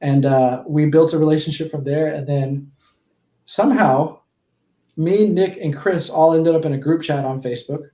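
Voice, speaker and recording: A man's voice: on the high side, steady tone, fairly quick, few pauses, warm tone, echoey room. A man in his twenties, a podcast guest, telling stories casually, with frequent restarts and self-corrections. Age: 20s. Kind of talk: casual storytelling in a conversation.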